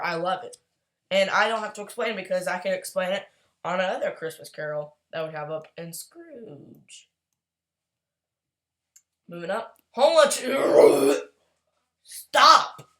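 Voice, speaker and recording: A woman chatting casually as a YouTuber, gushing and excitable, rambling along with quick apologies. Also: on the low side. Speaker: YouTuber ranking movies. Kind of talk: casual tier-list chat.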